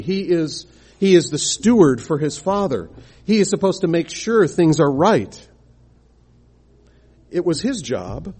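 A man's voice: fairly high pitch, a little mellow, slightly rough. A man preaching a sermon, explaining scripture and posing rhetorical questions to the congregation.

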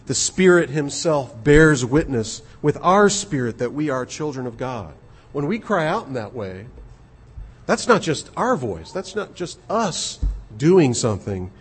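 A man preaching an expository sermon, earnest and measured, often repeating his words. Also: mid-range voice, husky. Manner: earnest, measured, with frequent repetitions.

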